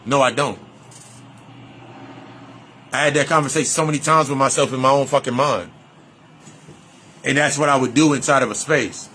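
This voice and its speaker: A man's voice: mid-range voice, moderate pace, pauses often, pushed and bright, a little hiss or hum. A man talking as a life coach in a motivational monologue, blunt and preachy, repeating his points and swearing freely. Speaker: life coach and shadow-work healer.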